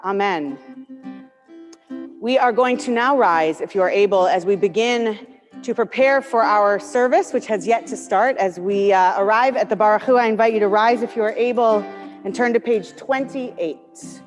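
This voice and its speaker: A woman with a slightly high voice leads a worship service, slipping friendly, chatty asides between prayers and readings. Her voice rings with long reverb, as in a large hall, and soft music sits faintly behind her. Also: normal speed. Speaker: cantor leading services.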